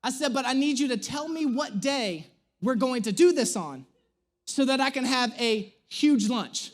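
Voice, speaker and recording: A man in his thirties, a pastor, telling a humorous personal story in an animated, self-mocking way during a sermon. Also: very high voice, a little slow. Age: 30s. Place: church stage.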